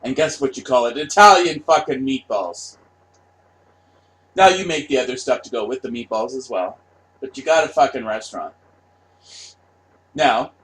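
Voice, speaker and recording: A man delivering a casual, profane rant, sarcastic and repetitive. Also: mid-range voice. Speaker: vlogger.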